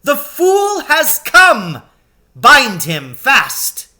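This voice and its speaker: Shrill commanding witch queen, cruel, storybook, a man doing the voice. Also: wildly swooping pitch, heavily acted. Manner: shrill, loud, drawn-out commands.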